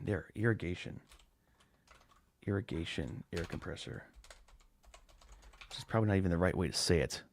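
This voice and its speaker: A man's voice: deep voice, a little mellow, no echo. A man hosting a lawn care podcast live, chatting casually and rambling with restarts and fillers. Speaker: podcast host. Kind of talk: casual live-stream chat.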